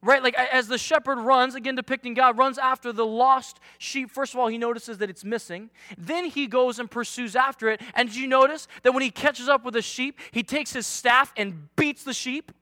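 A young male youth pastor preaching with a very high, bright voice. He jokes at his own expense and keeps up lively, energetic momentum. The sound is close and dry. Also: normal speed, few pauses, no echo. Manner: energetic, joking, self-deprecating. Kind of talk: sermon.

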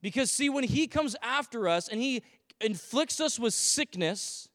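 High-voiced man preaching in a reverberant hall. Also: a little slow. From Canada. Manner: animated preaching with acted asides and humor. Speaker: pastor. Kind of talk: sermon. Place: church sanctuary.

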